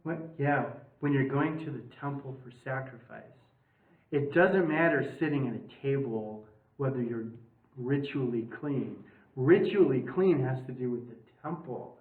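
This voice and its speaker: A man's voice: mid-range voice, measured pace. A man teaching a casual Bible study class, chatty and joking, often putting questions to his listeners. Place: parish meeting room. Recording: tinny, echoey room, mic far off.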